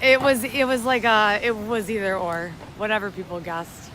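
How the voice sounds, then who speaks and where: A woman's voice: medium pitch, fairly even intonation, moderate pace. A woman in her twenties from upstate New York, chatting casually on a walking livestream and thanking viewers as she goes. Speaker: livestream host. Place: city street at night, outdoors in rain. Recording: street noise under the voice.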